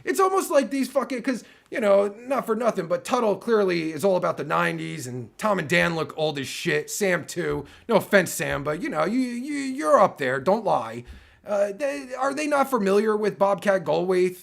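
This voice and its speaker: A man in his forties rants with a gravelly, fry-laden voice that swings widely in pitch. He rambles and swears constantly, cutting himself off and restarting. His voice sounds worn, like he is losing it. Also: expressive, normal speed, fairly bright tone. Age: 40s. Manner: loose, rambling, heavy swearing, keeps breaking off mid-sentence. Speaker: online video creator. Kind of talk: profane rant to camera.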